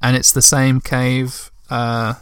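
A man's voice: mid-range voice, completely flat delivery, slow pace, fairly bright tone, smooth, no room sound, studio quality. A man reading a children's book aloud, breaking off for chatty asides to listeners. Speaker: reader.

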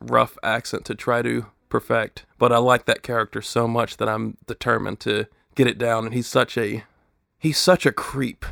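A man in casual podcast chat, talking quickly, laughing often and breaking into impressions. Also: mid-range voice, flat delivery, vocal fry, fairly bright tone, no echo, clean studio sound. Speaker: podcast host.

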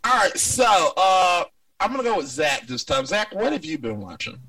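A man hosting a casual chat with friends, animated, laughing often and swearing freely. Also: high voice, moderate pace, shouting, recorded from a distance, low-quality recording. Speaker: podcast host.

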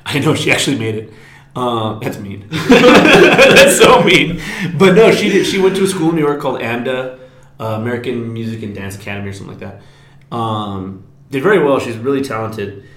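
A man's voice: medium pitch, very animated, moderate pace, fairly bright tone. A young man chats casually on a podcast, rambling through his stories with plenty of fillers. He acts out little quoted asides as he goes. His voice carries a roomy echo. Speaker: podcast co-host. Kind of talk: casual chat. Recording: echoey room.

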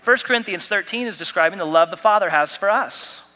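A man's voice: high voice, brisk, bright, forceful tone, long reverb tail. A man pastor delivering a sermon, preaching with emphatic repetition and light humor. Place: church sanctuary.

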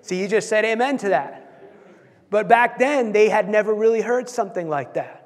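A man preaching a sermon, telling stories and acting out quotes with animated delivery, often repeating words as he goes. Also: high voice, normal speed. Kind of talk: sermon storytelling. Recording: long hall reverb.

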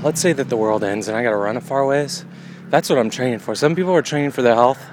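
A male comedian talking in a wry, meandering deadpan right after a run, a little winded, outdoors by a road. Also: mid-range voice, fast talker, few pauses, noisy background. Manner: wry, meandering, jokey asides. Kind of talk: rambling deadpan monologue.

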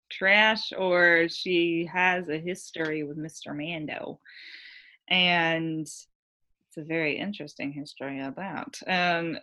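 A woman co-hosting a casual chat about a show, talking in a chatty, animated way and acting out lines of dialogue. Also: fairly low pitch. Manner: chatty, animated, lots of "like" and quoted voices. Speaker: podcast co-host.

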